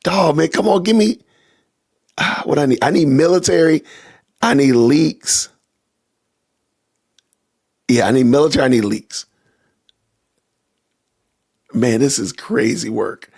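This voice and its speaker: Man, livestream host, casual reacting chat, gravelly, husky. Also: a little high, unhurried, pauses often. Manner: talks to chat with y'all, reacting loudly. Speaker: podcast host.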